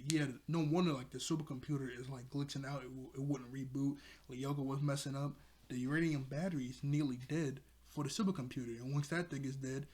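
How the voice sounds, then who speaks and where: A man's voice: mid-range voice, a little mellow. A man casually recapping a cartoon episode, rambling and laughing as he often corrects himself. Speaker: show reviewer.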